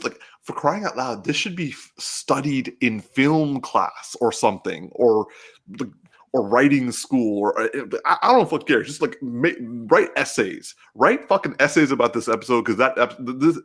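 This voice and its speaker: A man co-hosts a casual podcast, talking with real excitement and emotion. His pitch swings widely as he gets worked up, and he trips over restarts and swears freely. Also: normal speed, breathy edge. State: getting teary-eyed. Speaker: podcast co-host.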